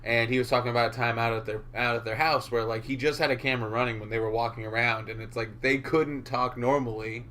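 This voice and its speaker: A man's voice: mid-range voice, level tone, fast talker, few pauses, pushed and bright, slight background noise. Rambling easygoing podcast co-host man. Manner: rambling, many fillers, explains points at length. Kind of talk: casual chat.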